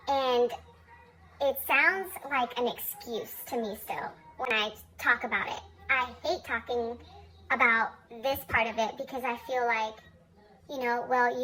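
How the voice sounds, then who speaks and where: A woman's voice: a little high, sharp tone, poor audio. A young woman talking candidly in a personal vlog, blunt and profane with a self-mocking streak. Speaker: vlogger.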